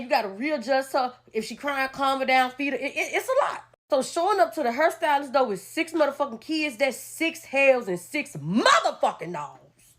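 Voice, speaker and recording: A woman giving brash, profane reaction commentary. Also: high voice. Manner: profane, brash, animated ranting.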